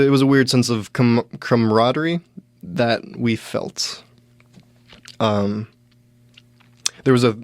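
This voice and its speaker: Halting young man telling a story. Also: mid-range voice, no room sound. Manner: halting, many restarts and fillers, deadpan. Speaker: podcast host, stand-up comedian. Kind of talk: casual solo storytelling.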